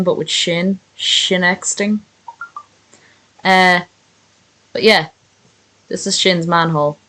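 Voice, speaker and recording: A woman's voice: lowish voice, a bit bright, poor audio. Sweary woman streamer chatting casually. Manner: sweary, self-mocking. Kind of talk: casual stream chat and reading aloud.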